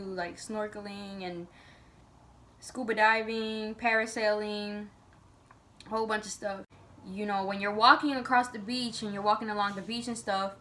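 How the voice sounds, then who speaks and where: A young woman vlogger telling a personal story in a casual, chatty way, full of fillers and animated turns. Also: mid-range voice.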